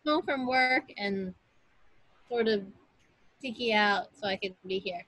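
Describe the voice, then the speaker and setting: A woman's voice: mid-range voice, a little slow, a bit bright, dry recording, poor audio. A woman guest on a video call, appreciative and laughing easily. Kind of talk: casual video call chat.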